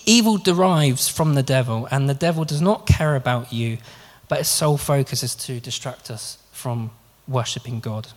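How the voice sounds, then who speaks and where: A man preaches in an earnest, conversational way, stumbling over a word now and then and circling back to restart his thought. His voice sits a little higher than most men's. The long reverb tail of a large hall trails after each phrase. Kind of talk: sermon.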